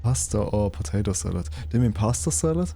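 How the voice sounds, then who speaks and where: A man's voice: fairly low pitch, lively intonation, a little fast, gravelly, mellow, husky, faint music behind. A man streaming a game, rambling casually to his viewers with frequent restarts and self-corrections. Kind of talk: casual gaming commentary.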